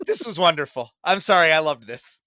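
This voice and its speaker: In a casual podcast chat, this co-host tells lively stories amid lots of laughter. He talks fairly quickly in a fairly high voice, recorded dry.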